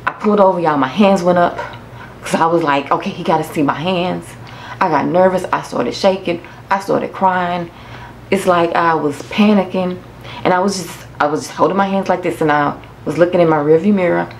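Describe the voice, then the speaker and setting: A woman telling a frightening personal story to her viewers, halting and repeating herself, close to tears. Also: deep voice, slight background noise. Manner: halting, repeats words, addresses viewers as y'all. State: tearful. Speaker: vlogger. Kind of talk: emotional personal story to camera.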